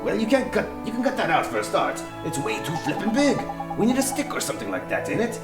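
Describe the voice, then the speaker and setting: A man's voice: high-pitched, wildly swooping pitch, fast, pitched above the performer's own voice, exaggerated voice. Man doing a cheeky little Irish fairy. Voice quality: loud, lilting, cheeky. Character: small cheeky male fairy, fibbing and flippant. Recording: roomy room with game music.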